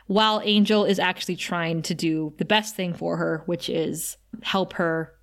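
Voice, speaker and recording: A woman co-hosting a podcast, recapping an episode in casual chat with animated, giggly asides. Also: on the low side, a little slow. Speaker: podcast co-host.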